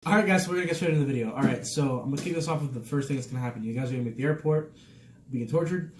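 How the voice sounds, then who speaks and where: A young man and Navy sailor hosting a casual vlog, relaxed at first and then upbeat and animated, talking with friends in a barracks room. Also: medium pitch, racing, over loud music. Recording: echoey room with background noise.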